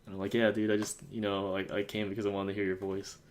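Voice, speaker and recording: A man's voice: on the low side, completely flat delivery, fast. A young man from the United States telling stories in a casual podcast chat, rambling with lots of fillers and acting out quotes. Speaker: podcast host.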